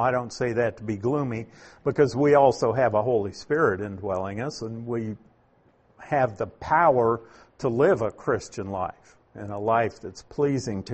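A man's voice: medium pitch, darkish tone. A man preaching a sermon who reads scripture aloud and then explains it, asking his listeners rhetorical questions. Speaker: pastor teaching scripture. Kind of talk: sermon, Bible teaching. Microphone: uses slides while speaking to a congregation.

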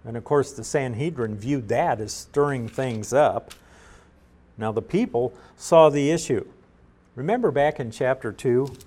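A middle-aged man giving a verse-by-verse Bible teaching in a measured, explanatory way, with frequent fillers and restarts. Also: mid-range voice, darkish tone.

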